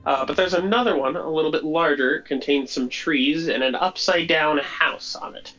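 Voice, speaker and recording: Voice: mid-range voice, normal speed, a bit bright, dull audio, soft background music. A game master narrating a tabletop game in a chatty way, with fillers.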